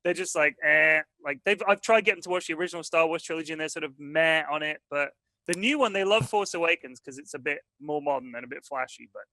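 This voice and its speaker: A man chatting as a podcast guest, telling stories quickly and animatedly. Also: on the high side, pushed and bright, no echo. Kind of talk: casual podcast chat.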